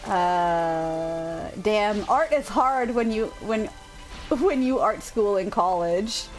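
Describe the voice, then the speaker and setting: A woman's voice: mid-range voice, animated, takes it slowly, faint music behind. A woman streaming a video game, chatting casually with viewers and laughing often. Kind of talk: casual livestream chat.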